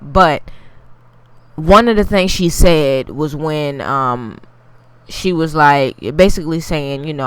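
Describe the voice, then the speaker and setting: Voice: mid-range voice, unhurried, a bit bright, smooth, no room sound. A TV recap reviewer giving a casual, blunt, profane take and talking straight to the viewers. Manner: addresses viewers directly.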